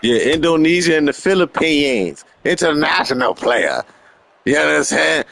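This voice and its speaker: A man's voice: fairly high pitch, big pitch swings, a little slow, creaky, a bit bright. A man hosting a casual live stream, bantering playfully with viewers while he plays a boxing video game. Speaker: gaming streamer.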